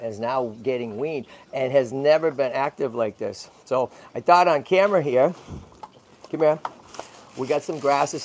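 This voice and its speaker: A man hosts a casual livestream outdoors beside an animal pen, talking in a gravelly, mid-pitched voice. He keeps checking in with his viewers with "right?" and "okay?" and coos softly to the baby squirrel he handles. A faint hum of noise sits behind him. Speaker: channel host and tortoise rescuer.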